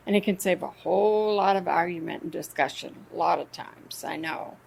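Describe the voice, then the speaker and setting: A woman's voice: medium pitch, expressive, normal speed, gravelly, hardly any pauses. A woman co-hosting a Christian radio talk about marriage, chatting and telling stories from her own marriage. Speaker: co-host teaching a Christian marriage class. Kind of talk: casual radio discussion.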